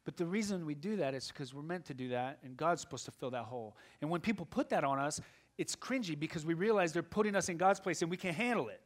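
Middle-aged male pastor, sermon delivery, higher-pitched, shifts between soft musing and loud fervor. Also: expressive, quick pace. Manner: swings from quiet musing to loud impassioned preaching.

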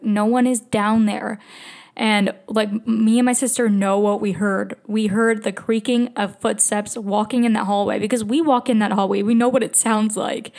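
A young woman hosting a podcast, telling a personal story in a chatty, halting way with many fillers and restarts. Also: medium pitch, a little mellow. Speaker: podcast host. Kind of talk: casual storytelling.

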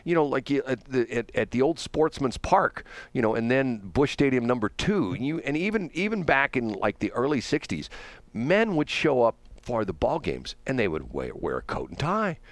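An older man rambling through a story on talk radio, his pitch leaping high for emphasis. The room around him is dead and dry, with nothing behind him. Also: moderate pace, no echo. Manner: animated storytelling, jumps into high mock voices. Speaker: radio co-host.

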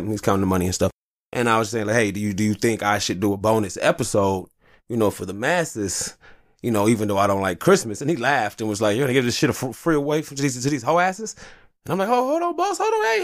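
A man in his thirties hosting a podcast, ranting casually and profanely about fatherhood. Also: lowish voice. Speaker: podcast host.

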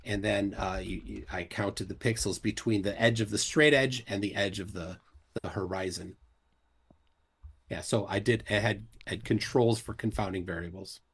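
A man's voice: fairly low pitch, fairly even intonation, normal speed, slightly rough. A man in an online debate, insistently repeating his point. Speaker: globe earth debater.

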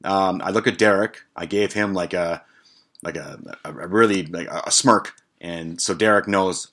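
A man's voice: sits low, moderate pace, a bit bright. A middle-aged man, a podcast host, telling a profane, rambling anecdote in casual storytelling style.

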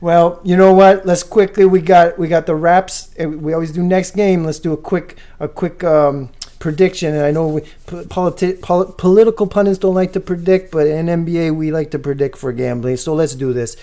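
A man's voice: on the high side, steady tone, moderate pace, hardly any pauses, mellow. A man hosting a casual podcast, joking around and steering the talk to predictions. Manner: joking, runs the segment, asks for picks. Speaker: podcast host. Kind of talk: casual chat.

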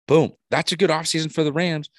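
A man co-hosting a casual sports podcast, talking in a brash, animated way and swearing freely. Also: fairly high pitch, fairly quick, no room sound, clean studio sound. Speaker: podcast co-host.

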